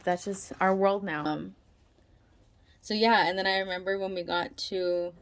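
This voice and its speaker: A woman's voice: mid-range voice, steady tone, unhurried. Chatty woman telling a personal story. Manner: chatty, heavy use of "like" fillers, acts out quoted voices. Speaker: mother telling a birth story. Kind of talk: casual storytelling to camera.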